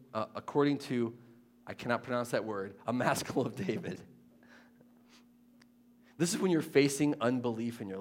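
A man preaching a sermon, moving between quiet, conversational asides and loud, impassioned scripture readings, often asking the listeners questions. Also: medium pitch. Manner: conversational, asks the audience questions.

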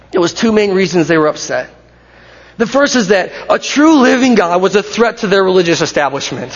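High, gravelly-voiced preacher in a reverberant hall. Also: male voice. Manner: animated, conversational, acts out crowd shouts. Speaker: pastor. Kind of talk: sermon. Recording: dull recording with long hall reverb.

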